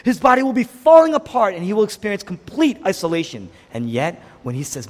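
A man preaching a sermon, swinging between loud exclamations and hushed whispers, asking his listeners rhetorical questions. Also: high-pitched, animated, brisk, hardly any pauses. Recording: long hall reverb.

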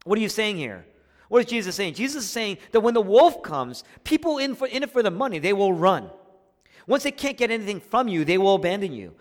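A man preaching a sermon as a pastor, swinging between hushed, intimate lines and rising, emphatic passages. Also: sits high, sing-song, a little fast. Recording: long hall reverb.

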